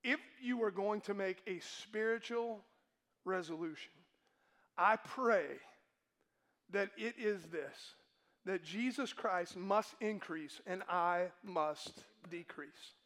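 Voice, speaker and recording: High-voiced man preaching a sermon. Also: slow, fairly bright tone. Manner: emphatic, asks the congregation questions. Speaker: pastor.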